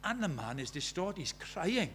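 A man preaching a sermon, pleading with his listeners in a voice that rises to urgent calls and sinks to hushed storytelling. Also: high voice, very animated, normal speed, husky.

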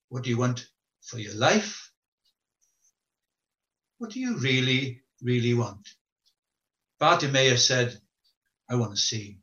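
In an echoey room with dull lo-fi sound, a man with a mid-range, pushed and bright voice preaches a sermon. He tells stories, acts out the quoted voices, and repeats questions to his listeners.

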